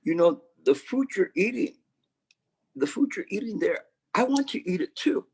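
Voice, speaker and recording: A man's voice: sits high, lively intonation, moderate pace, vocal fry, breathy edge, voice pushed up, full character voice. A man voicing a male pet dog who has just learned to speak, pleading in a rising voice. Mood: eager.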